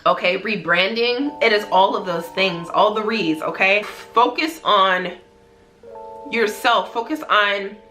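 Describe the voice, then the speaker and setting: A woman's voice: medium pitch, slow pace, bright, forceful tone, faint music behind. A woman vlogger speaking to her viewers in an earnest, emphatic motivational talk, repeating phrases for emphasis. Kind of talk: heartfelt motivational talk to camera.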